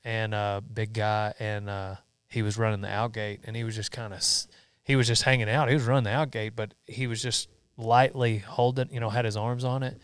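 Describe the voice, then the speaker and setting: Laid-back male host, smooth voice, dry close mic. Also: fairly low pitch, little pitch movement, a little fast, no room sound. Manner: laid-back, lots of "like" and "dude". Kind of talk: casual chat.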